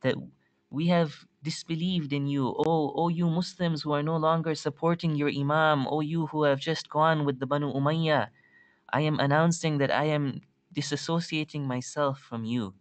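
A man teaching a religious studies class speaks at normal speed in a voice on the high side, with fairly even intonation and no echo. In this recorded lecture, the instructor retells a story and quotes Arabic texts, restarting often and repeating words.

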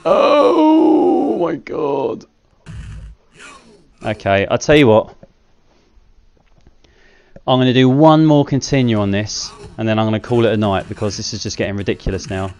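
A man's voice: lowish voice, fast talker, few pauses, a little mellow, muffled recording, faint music behind. Chatty self-mocking man gaming. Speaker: gaming channel host. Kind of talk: casual gameplay commentary.

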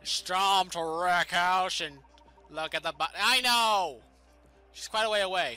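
Excitable high-voiced gaming guy. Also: measured pace, clear, resonant tone, soft background music. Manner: excitable, goofy, exclaims loudly. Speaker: let's play host. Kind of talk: gameplay commentary.

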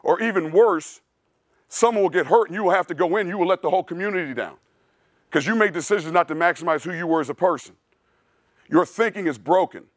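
In clean studio sound without echo, a male strength coach with a high-sitting voice talks fast through a clinic presentation. His delivery is blunt, preachy and casual, peppered with "dude."

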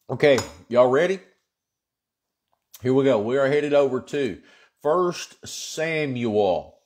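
A man's voice: mid-range voice, a little mellow. A man pastor, leading a casual, earnest Bible study chat with folksy asides. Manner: folksy, chatty and earnest, with frequent fillers.

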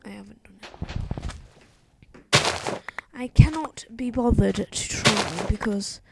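Teen girl gamer, hyper and rambling, slow gravelly delivery, hissy home mic. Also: mid-range voice, expressive. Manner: hyper, rambling, says "like" a lot. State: sick. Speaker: gaming YouTuber. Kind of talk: casual gameplay commentary.

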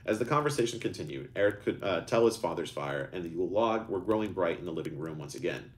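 A man's voice: deep voice, lively intonation, quick pace. A man reading his own story aloud live, lifting his voice for characters and often stumbling and restarting lines.

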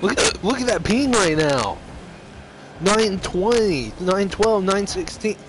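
A man's voice: high voice, lively intonation, slow pace. A young man streaming a car soccer game, groaning and coughing with hiccups and nausea as he chats casually with a friend. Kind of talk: casual gaming banter. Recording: noisy home stream audio.

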